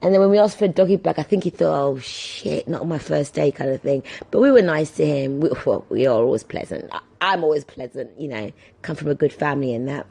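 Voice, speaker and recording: A woman in her thirties hosts a podcast, telling casual stories in a quick, deep voice that's creaky with a breathy edge. She's animated and acts out the voices of the people in her anecdotes, in a casual storytelling monologue.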